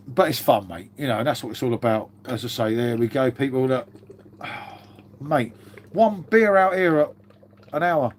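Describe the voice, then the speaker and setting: A man's voice: medium pitch, a little slow, slight background noise. A man, chatting casually on a live stream, joking, swearing and calling everyone mate. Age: 50s.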